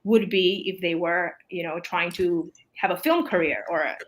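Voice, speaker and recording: A woman's voice: lowish voice, moderate pace. Thoughtful hesitant woman guest. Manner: thoughtful, hesitant, lots of fillers and restarts. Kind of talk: live discussion.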